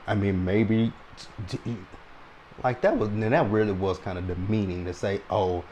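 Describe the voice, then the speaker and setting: The recording is muffled as a low-voiced recap host chats about a reality TV episode at a moderate pace. He's laid-back and long-winded, repeatedly ending points with "right?", over a faint room hum.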